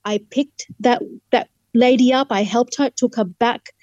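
A woman's voice: on the high side, a little slow, a little mellow, dry recording, muffled recording. A woman from Fiji, a human rights lawyer telling her faith testimony as a guest, earnestly acting out the dialogue. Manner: earnest, vivid storyteller who acts out dialogue. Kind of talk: testimony storytelling in an interview.

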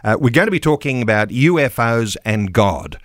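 Man, radio talk host, thoughtful and measured, dry studio sound. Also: mid-range voice, animated, no echo. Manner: measured, reflective, many fillers. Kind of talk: casual radio chat.

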